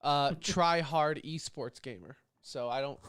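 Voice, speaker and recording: A man's voice: on the high side, unhurried, a bit bright, clear, resonant tone, no room sound, studio quality. A man hosting a podcast in a casual chat, his voice a bit nasal from a lingering cough. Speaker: podcast host.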